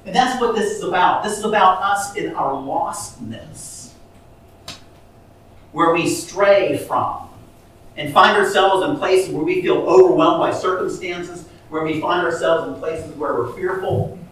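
High-voiced preacher in an echoey hall. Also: male voice, a little slow, fairly bright tone, recorded from a distance, slight background noise. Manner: storytelling, repetitive restarts, rising to emphatic peaks. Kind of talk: sermon.

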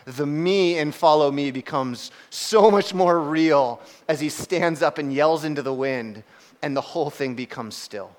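Animated young male preacher. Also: a little high, moderate pace. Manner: animated, conversational, acts out shouts and laughs. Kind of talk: casual sermon storytelling.

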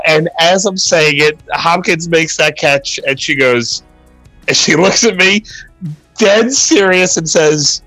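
A man's voice: on the high side, takes it slowly, sharp tone, no room sound, soft background music. A man co-hosting a sports podcast, telling a story with self-mocking humor and frequent laughs. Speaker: podcast co-host. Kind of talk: casual sports chat. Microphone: remote call mic.

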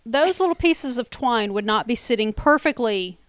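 A woman's voice: on the high side, lively intonation, normal speed, clean tone, dry recording. A woman co-hosting a casual podcast, offering wry, nitpicky commentary on a TV show. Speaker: podcast co-host. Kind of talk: casual fan podcast chat.

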